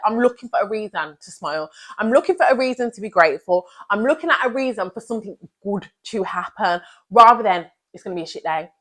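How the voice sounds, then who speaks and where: A woman's voice: medium pitch, fairly bright tone. A young woman giving an earnest, emphatic motivational talk as a vlogger, repeating her key phrases.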